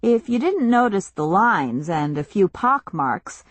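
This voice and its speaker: A woman narrating a novel in a measured, even storytelling manner, close to the mic. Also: medium pitch, dry recording. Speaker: audiobook narrator. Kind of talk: scripted narration.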